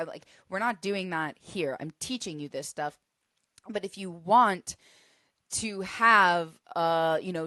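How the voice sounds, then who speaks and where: A woman hosting a solo podcast, teaching in an earnest, emphatic way that builds to forceful bursts. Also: fairly low pitch, no room sound, clean studio sound. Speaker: podcast host.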